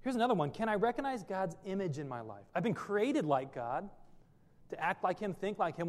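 Male pastor, sermon delivery, earnest and questioning, a touch high-pitched, reverberant sanctuary sound. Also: darkish tone. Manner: earnest preaching with many rhetorical questions.

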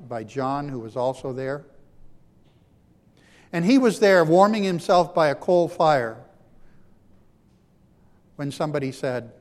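Man preaching a dramatic sermon in a reverberant hall. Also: fairly high pitch. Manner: dramatic, swings between loud emphasis and hushed lines. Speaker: pastor.

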